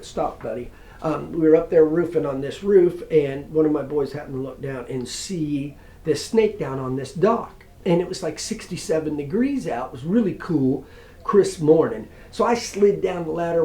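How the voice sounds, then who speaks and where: A man's voice: fairly high pitch, dark tone. A middle-aged man giving a casual guitar lesson at home, chatting and rambling in a folksy way. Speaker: guitar teacher. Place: home room. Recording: roomy home recording with guitar. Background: acoustic guitar strumming.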